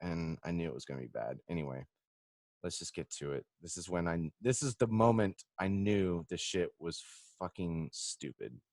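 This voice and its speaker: A man giving sarcastic, profane reaction commentary, swinging between low mutters and loud outbursts. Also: moderate pace.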